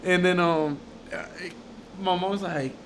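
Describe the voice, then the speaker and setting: A young man co-hosting a casual podcast, telling animated stories, laughing often and swearing. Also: high-pitched, measured pace, slight background noise. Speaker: podcast co-host. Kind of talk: casual chat.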